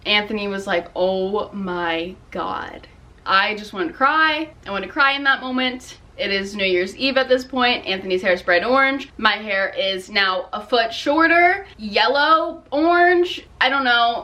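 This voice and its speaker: A woman's voice: medium pitch, sharp tone. A young woman telling a storytime vlog in a casual, profane, exasperated way, with frequent "like". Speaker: vlogger.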